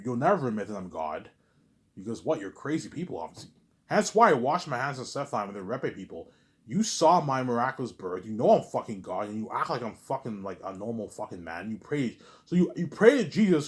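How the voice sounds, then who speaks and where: A young man rambling to camera in a monologue, stammering and repeating himself, trailing off on a mumbled "obviously.". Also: medium pitch. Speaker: vlogger.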